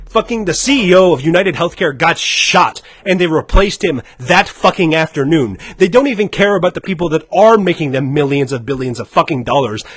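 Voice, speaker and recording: A man's voice: fairly high pitch, a bit bright, husky, no echo. Man in a heated, profane rant. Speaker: gaming podcast co-host. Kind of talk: casual livestream chat.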